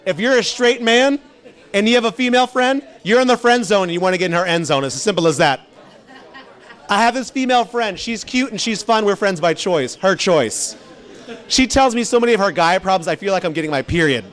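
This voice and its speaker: A man's voice: high voice, a little fast. A male stand-up comedian telling rambling stories and talking with the audience. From immigrant background. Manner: animated, rambling, crowd work.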